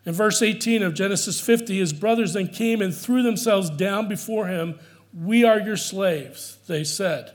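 A man with a notably high voice delivers a sermon as pastor. He preaches earnestly and with emphasis, often repeating a key line for weight. The delivery is steady and pastoral. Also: normal speed, few pauses.

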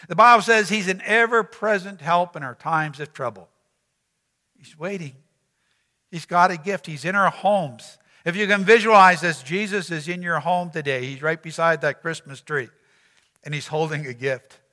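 A man's voice: high voice, moderate pace, pushed and bright, long reverb tail. A man preaching a sermon as pastor, earnest, repeating phrases and asking the congregation rhetorical questions.

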